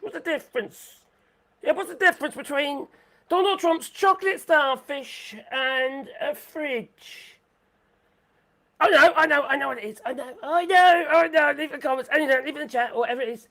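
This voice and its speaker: A woman hosting a live stream in rambling chat, excitable, swearing freely and laughing a lot. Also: sits high, fast.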